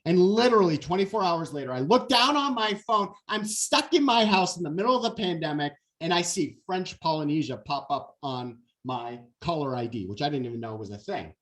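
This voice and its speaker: Man, 40s, keynote speaker, lively storyteller with a lot of pitch movement. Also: brisk, few pauses. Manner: animated storyteller, acts out quotes. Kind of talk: motivational keynote talk.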